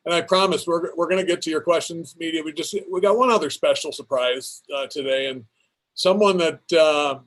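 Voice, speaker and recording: A man's voice: a little high, normal speed, fairly bright tone. A man moderating a press conference, chatty and casual, fumbling a little as he introduces a guest. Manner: chatty, slightly fumbling, many fillers. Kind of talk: casual hosting.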